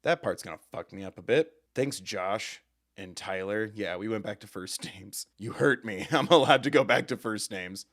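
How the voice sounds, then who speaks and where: A man's voice: fairly low pitch, normal speed, a bit bright. A man hosting a music reaction video, talking in an emotional, rambling way with stammered restarts and frequent swearing. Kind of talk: casual reaction commentary.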